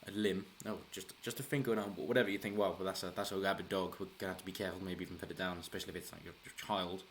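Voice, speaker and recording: Rapid-fire and deep-voiced with fairly even intonation, a political commentary channel host gives a casual solo commentary, rambling, restarting often and chuckling. There's slight background noise.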